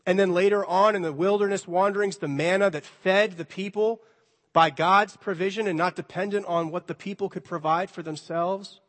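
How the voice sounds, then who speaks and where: A man's voice: high-pitched, steady tone, normal speed, a bit bright, big-room sound. A male pastor preaching a sermon in a conversational way, now and then acting out the dialogue with a light touch. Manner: conversational, playfully acts out dialogue.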